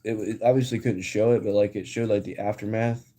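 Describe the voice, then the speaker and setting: A man's voice: fairly low pitch, fairly even intonation, fairly quick, warm tone. A young man hosting a live stream, chatting casually with viewers in a rambling, slangy way full of "like" and "dude".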